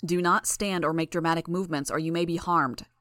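Woman doing a deep, cold machine suit, flat formal commands, storybook reading, dry sound. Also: a little fast, dry recording, close to an everyday voice. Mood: commanding.

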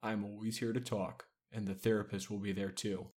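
Man reading as a gentle team leader. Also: lowish voice, little pitch movement, moderate pace, close to an everyday voice. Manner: gentle, reassuring. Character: gentle young male team leader, calm and supportive.

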